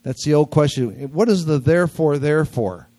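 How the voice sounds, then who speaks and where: An older man delivers a sermon in a nasal, slightly high voice. He keeps it conversational, with jokes, and hammers key words through repetition. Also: fairly quick, dark tone. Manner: conversational, jokey, repeats key words for emphasis. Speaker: preacher. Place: church sanctuary.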